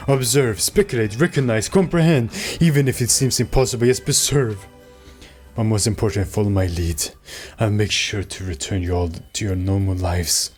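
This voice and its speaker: A man's voice: on the low side, a little mellow, natural voice. A man voicing a haughty, commanding young male leader in a video game.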